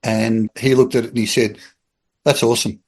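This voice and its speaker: A middle-aged Australian man, a podcast guest, telling a story in an animated, chatty way and acting out the people in it. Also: medium pitch, fairly quick, slightly rough. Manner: animated storyteller, acts out quoted voices, chuckles. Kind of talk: casual anecdotal storytelling.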